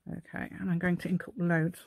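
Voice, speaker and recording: A woman's voice: on the low side, little pitch movement, a little fast, darkish tone, dry recording. Chatty woman in a mock-posh voice. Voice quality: playful put-on posh telephone voice. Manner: rambling, chatty, talks to herself while working. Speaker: crafting channel host. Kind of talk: casual crafting demonstration.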